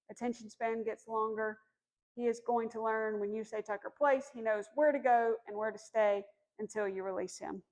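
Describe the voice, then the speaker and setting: A woman dog trainer explaining puppy commands outdoors, giving firm commands and soft praise. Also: mid-range voice. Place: outdoors in a yard.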